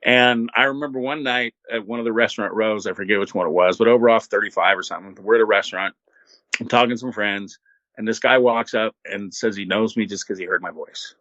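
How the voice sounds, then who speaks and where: An older man, a former radio host, telling stories as an interview guest in an animated, laid-back way and acting out what people said. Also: fairly low pitch, fast, no room sound, muffled recording. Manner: animated, laid-back storyteller who acts out quotes. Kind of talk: casual storytelling.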